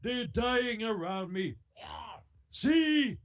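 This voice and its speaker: A man's voice: very high voice, expressive, drawn-out words, muffled recording, pitched above the performer's own voice, exaggerated voice. A man voicing a solemn priest hearing a confession, in a mock-pious way.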